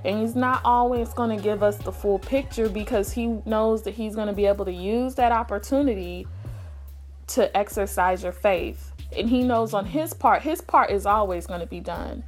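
A woman's voice: mid-range voice, normal speed, faint music behind. A young adult woman hosting a casual faith talk, earnest and acting out her pleading prayers. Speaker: faith podcast host.

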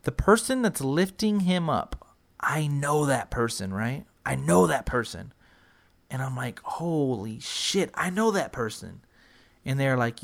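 A young man in his twenties from San Antonio, telling a story over casual chat. His pitch swings widely as he acts out the other people in the story, sometimes leaping into loud, high-pitched outbursts. The talk is loose and full of swearing. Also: measured pace, creaky. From San Antonio, Texas. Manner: animated, profane, acts out quoted voices in loud high bursts.

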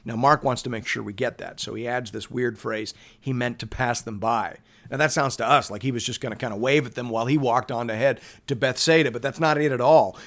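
A middle-aged man preaching a sermon, animated and rising to emphatic peaks. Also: medium pitch. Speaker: pastor.

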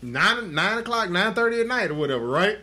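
A man with a high voice tells the story with crude, profane gusto. His pitch leaps all over the place as he goes, and he sounds loose and animated on an unscripted podcast. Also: a little fast. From Texas. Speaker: podcast host. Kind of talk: casual chat, storytelling.

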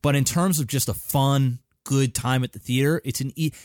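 A man's voice: mid-range voice, steady tone, darkish tone, no room sound, studio quality. A man co-hosting a gaming podcast, talking casually and rambling with many fillers and restarts. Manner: rambling, halting, swears casually. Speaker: podcast co-host. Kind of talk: casual chat.

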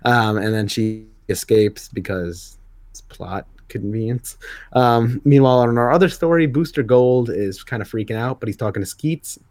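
A man's voice: mid-range voice, normal speed, a little mellow, dry recording. A man co-hosting a podcast, recapping comic books in casual chat, with many fillers and restarts. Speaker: podcast co-host.

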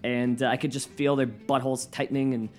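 A man hosting his own podcast from his living room, rambling and swearing, often flaring into yelling. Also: medium pitch, little pitch movement, fairly quick, faint music behind. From United States. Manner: profane, rambling, flares into yelling. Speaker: podcast host and stand-up comedian. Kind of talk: solo podcast rant.

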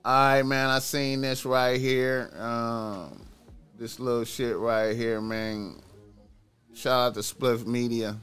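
A man's voice: medium pitch, fairly even intonation, takes it slowly, fairly bright tone, smooth, faint music behind. A man streaming reaction commentary, profane and repetitive, stretching key words for emphasis.

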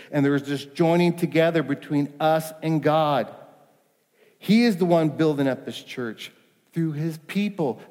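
Man preaching in a reverberant hall. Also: medium pitch. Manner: emphatic, rising to pleading questions and dropping to quiet reassurance. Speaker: pastor. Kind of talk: sermon.

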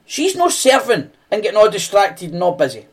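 A man's voice: sits high, huge pitch swings, fairly quick, husky, pitched above the performer's own voice, heavily acted. A man with a Scottish accent voicing an exasperated busy woman who complains shrilly and indignantly. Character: exasperated busy young woman, Martha, fed up.

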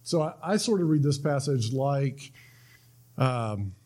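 A man's voice: mid-range voice, animated, slow, darkish tone. A man preaching a sermon in a conversational way, often restarting words and checking in with "right?". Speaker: pastor.

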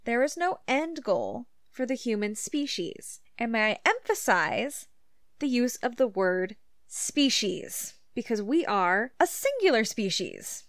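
A fairly high-voiced woman from Canada co-hosts a casual podcast and lays out her points at length, pressing back when she is interrupted. The sound is dry and close to the mic, with no room around it. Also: very animated, no echo. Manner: explanatory, insistent, quick asides. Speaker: podcast co-host. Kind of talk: casual educational podcast chat.

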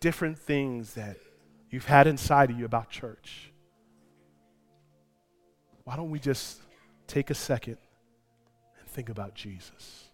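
A male pastor preaching a sermon, moving from quiet personal storytelling to loud, impassioned preaching. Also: mid-range voice, unhurried, pauses often, faint music behind.

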